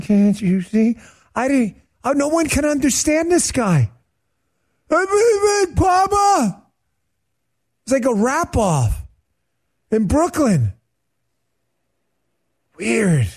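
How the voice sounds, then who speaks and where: A man hosting a political podcast, ranting in a joking, animated way and talking to his producer mid-show. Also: very high-pitched. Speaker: podcast host. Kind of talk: casual political rant.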